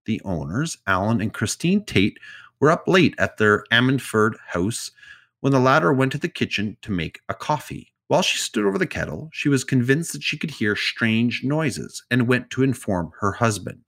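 A man's voice: mid-range voice, big pitch swings, normal speed, vocal fry, a bit bright. Chatty man retelling odd stories. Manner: summarizes stories loosely with asides and jokes. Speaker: podcast co-host telling stories. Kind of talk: casual storytelling chat.

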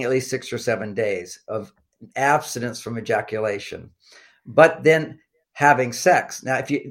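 Older man explaining in rambling fashion. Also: medium pitch. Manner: rambling, with frequent fillers and restarts; explanatory, coaching tone. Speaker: guest expert on relationships. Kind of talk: casual interview talk.

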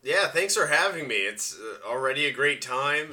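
A man guesting on a casual podcast, talking at an average pitch with a very bright, sharp voice. He chats in a relaxed way and drifts off into side remarks. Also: moderate pace.

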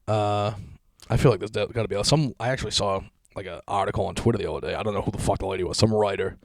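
A man's voice: fairly low pitch, quick pace, creaky, no echo, studio quality. A young man from Massachusetts, ranting on a podcast in a crude, sarcastic, swear-heavy monologue.

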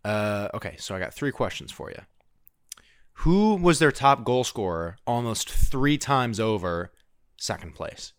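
A relaxed male podcast host with a fairly low voice, talking in a loose, rambling way as he quizzes his co-host. The sound is dry and close, with little room echo. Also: measured pace, smooth. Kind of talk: casual podcast chat.

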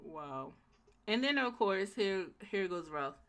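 A woman co-hosting a casual show recap, emphatic and animated, often acting out the scenes. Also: medium pitch, slow. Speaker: podcast co-host.

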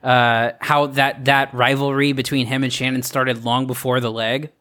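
A man with a mid-range, sharp-toned voice talks at a moderate pace with little pitch movement. He's co-hosting a podcast in casual chat, rambling and hesitant, circling his points before landing them. He uses many fillers and restarts and laughs along.

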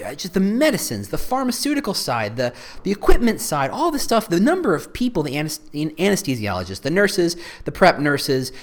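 A man hosting his own podcast, talking alone in a rambling way with self-deprecating, playful asides. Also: fairly high pitch. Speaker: podcast host. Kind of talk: solo podcast monologue.

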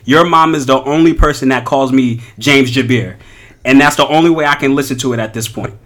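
A man co-hosting a podcast in casual, animated chat, laughing and teasing his friends. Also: medium pitch, fairly quick. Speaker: podcast co-host.

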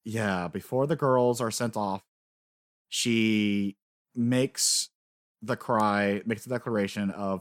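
A man co-hosting a casual podcast, excitedly recapping story events, swearing freely and acting out lines. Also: on the low side, slow, dry recording. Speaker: podcast co-host. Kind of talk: casual anime recap chat.

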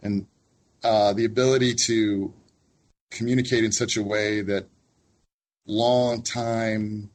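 A male professor speaking as an interview guest, with a husky, somewhat low voice. He talks thoughtfully and reflectively, with a gentle, amused touch. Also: little pitch movement, slow pace, long pauses. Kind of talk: casual interview chat.

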